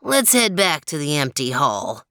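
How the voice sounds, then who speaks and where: A woman's voice: deep voice, sing-song, unhurried, a bit bright, no echo, studio quality, pitched below the performer's own voice, full character voice. A woman voicing a genial old male dog who leads the pack in a storybook. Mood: easygoing. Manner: easygoing, chuckling host.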